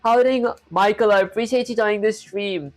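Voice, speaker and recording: A woman's voice: mid-range voice, fairly even intonation, a little fast, soft background music. A woman with an accent hosting a live coding stream, talking through her code step by step and greeting viewers. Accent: non-native English accent. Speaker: coding livestream host. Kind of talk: live coding tutorial, thinking aloud.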